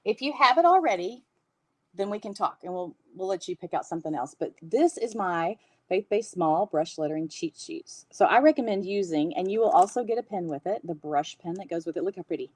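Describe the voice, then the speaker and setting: A woman in her fifties with a Southern accent chats on a livestream, answering viewer comments and laughing as she goes. Her voice swings up and down in a lively way. The sound is dry and close, with no room echo. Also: on the low side, brisk. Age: 50s. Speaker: host. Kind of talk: casual livestream chat.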